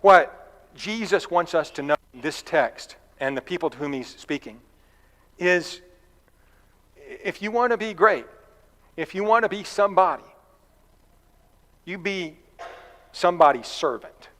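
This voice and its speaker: A man delivering a sermon in a church, his voice sitting a little higher than most men's. He talks in a relaxed, conversational way, with folksy asides. The hall gives it a long, ringing reverb. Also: a little slow, pauses often. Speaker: preacher.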